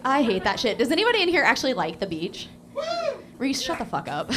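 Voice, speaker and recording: A woman's voice: on the high side, very animated, a little fast, heavy background noise. A young woman doing a crude, self-mocking stand-up set on a small cafe stage, with lots of fillers. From Portland, Oregon. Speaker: stand-up comedian.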